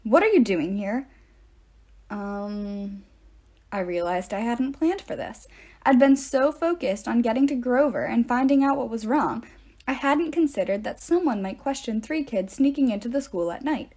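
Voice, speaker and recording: Woman reading a book chapter aloud, kinda high voice, expressive with dry little asides. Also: normal speed. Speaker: narrator. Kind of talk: audiobook-style reading aloud.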